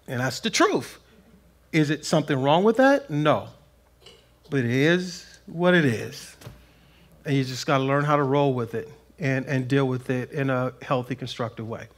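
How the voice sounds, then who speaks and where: A man preaching a conversational sermon in a plain-spoken, folksy way, swinging between loud emphasis and soft asides. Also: on the high side, normal speed, pauses often. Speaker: pastor. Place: church sanctuary.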